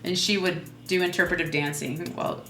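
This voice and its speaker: A woman's voice: lowish voice, steady tone, fairly quick, pushed and bright. A woman stand-up comedian in casual interview chat, playful and loose, laughing often as she talks. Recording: roomy room with faint music.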